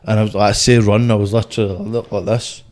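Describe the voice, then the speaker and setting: A man's voice: on the low side, flat delivery, quick pace, darkish tone. A young Scottish man, a boxer, telling stories in a blunt, sweary, rambling way on a casual podcast. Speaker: guest, boxer.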